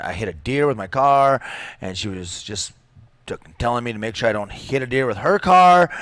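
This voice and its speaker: A man's voice: medium pitch, smooth, no echo. Laughing storyteller man, very dry sound. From Minnesota. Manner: animated, laughing storyteller, swears freely. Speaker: podcast guest, jiu-jitsu coach. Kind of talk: casual storytelling.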